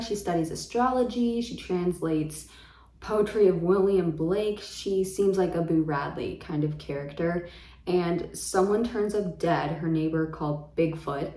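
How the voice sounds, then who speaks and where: A woman's voice: fairly low pitch, dark tone. A woman casually chatting about the books she plans to read, rambling a little with frequent ums and likes. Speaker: book vlogger. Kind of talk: casual book chat. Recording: echoey room.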